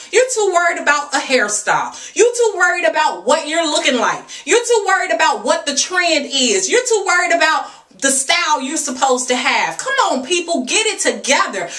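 A woman's voice: high-pitched, sharp tone, reverberant, distant mic. A woman, giving a passionate, preachy vlog rant full of rhetorical questions. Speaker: natural hair and fitness vlogger.

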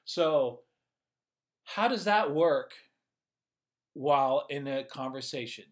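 A communication coach explains things in a casual instructional video, upbeat and conversational, thinking aloud as he goes. His voice is mid-range and animated, and he takes it slowly.

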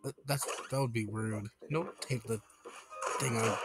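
A young man giving casual, excitable gameplay commentary who swears and breaks into high panicked yelling. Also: measured pace, slightly rough, rough recording. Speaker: gaming YouTuber.

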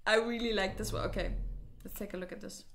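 A woman's voice: medium pitch, fairly even intonation, fast talker, gravelly, background noise. A woman streaming a puzzle game, thinking aloud in a hesitant, casual way, with fillers as she works things out. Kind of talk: casual let's-play commentary.

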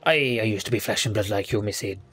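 Gruff ghost pirate done by a man, old sailor, gravelly put-on growl, low, game quest reading. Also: fast talker, a bit bright, faint music behind, lightly acted. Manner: reads quest text aloud in a put-on pirate voice.

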